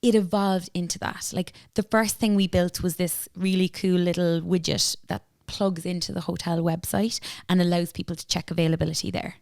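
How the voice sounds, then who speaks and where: A woman with an Irish accent, a business founder talking in a casual interview, chatty and animated, full of fillers and retold dialogue. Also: on the low side, normal speed, creaky, few pauses, dry recording, clean studio sound. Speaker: entrepreneur guest.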